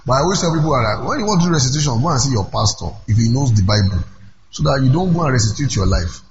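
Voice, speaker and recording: A middle-aged Nigerian-accented man preaching a conference sermon, animated and breaking into shouts. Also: mid-range voice, quick pace. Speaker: pastor. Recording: echoey, dull, noisy hall recording.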